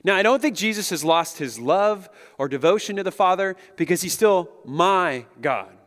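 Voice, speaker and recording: A man in his thirties, a pastor giving a conversational, animated sermon and chuckling often as he speaks to the room. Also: high voice, moderate pace. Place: large hall with an audience. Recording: long echo of a big hall.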